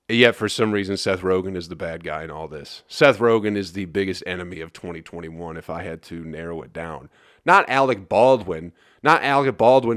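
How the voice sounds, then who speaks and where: Brief: hungover male podcast host from Flint, Michigan, profane exasperated rant, low-pitched, close and dry. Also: fairly bright tone, no echo. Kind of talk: solo rambling podcast rant.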